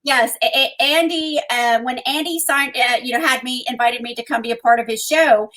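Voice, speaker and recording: Co-host, woman: earnest personal account, a touch high-pitched, lots of ums. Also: moderate pace, a bit bright. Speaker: co-host and guest. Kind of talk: personal storytelling in conversation.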